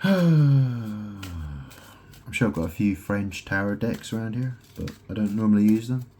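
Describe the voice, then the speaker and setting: Here the solo vlogger sounds fairly low-pitched and mellow, animated yet measured in pace, with a faint hiss or hum in the background. Recording at home, he drifts through a wordplay-heavy monologue, frequently asking "right?"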